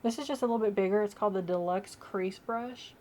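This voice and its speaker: A woman's voice: medium pitch, quick pace, dark tone, a little hiss or hum. A young woman vlogging casually as she does her makeup, chatty and rambling with many fillers, at home. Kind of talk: casual get-ready-with-me chat.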